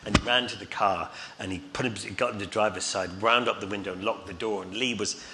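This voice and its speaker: A man's voice: lowish voice, fairly even intonation, fast. A middle-aged man telling rambling, chuckling anecdotes on stage as a guest, with many fillers. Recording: reverberant hall, faint noise.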